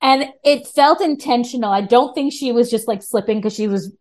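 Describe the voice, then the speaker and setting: A woman talking as a podcast guest in casual chat, animated, with frequent restarts. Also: on the high side, moderate pace.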